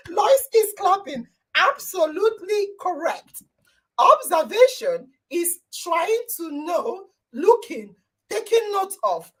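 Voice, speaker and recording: A very high-pitched woman hosts a live online talk show over a video call. Her voice leaps up and down as she exclaims, cheers and praises her listeners loudly. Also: very animated, slow pace. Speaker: podcast host.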